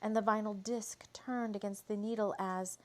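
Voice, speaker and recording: A woman reads a late-night vampire tale aloud in an average-pitched voice, taking her time and leaning into the drama. She breaks off now and then for a casual aside before picking the story back up. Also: steady tone, moderate pace. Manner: leisurely, dramatic read with asides. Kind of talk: reading a spooky romance story aloud.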